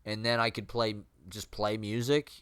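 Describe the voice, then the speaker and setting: A man with a fairly low, slightly nasal voice talks to his own camera in a loose, rambling monologue. He circles his thoughts with fillers and self-questions, laughing now and then as he goes. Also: flat delivery, normal speed, fairly bright tone, clean tone. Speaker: vlogger and aspiring street poet.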